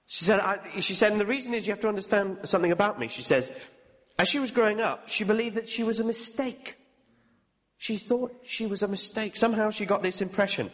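A man preaching a sermon, telling a story in an animated way and acting out the voices of the people in it. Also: sits high. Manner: animated, acts out quoted voices. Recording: long hall reverb.

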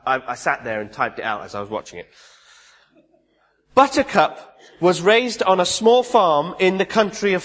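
Male preacher giving a chatty sermon in a reverberant church hall, voice on the higher side. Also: fairly bright tone. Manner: conversational, with restarts and asides.

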